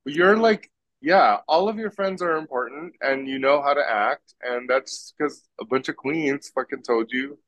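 A man's voice: mid-range voice, a little slow, a bit bright. A man in casual podcast chat, blunt and teasing, swearing freely as he talks. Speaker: podcast guest.

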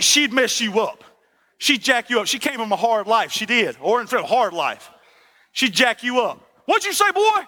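A man preaching a sermon as the pastor, folksy and animated, repeating "listen" and asking for "amen". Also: high-pitched.

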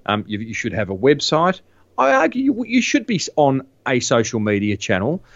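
A man's voice: medium pitch, wildly swooping pitch, normal speed, a bit bright, no room sound. A man talking casually as a podcast guest, restarting sentences as he goes. His voice comes through a dull, lo-fi recording with no room sound at all. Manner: chatty, frequent restarts. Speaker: podcast guest, marketing author. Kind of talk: casual interview chat.

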